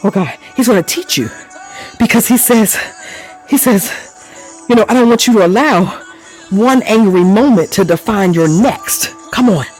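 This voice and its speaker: A woman's voice: mid-range voice, lively intonation, moderate pace, darkish tone, slightly rough, poor audio. Woman preacher, fervent and folksy, praise-filled sermon, faint music under. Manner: repeats exclamations of praise between phrases; laughs often while preaching.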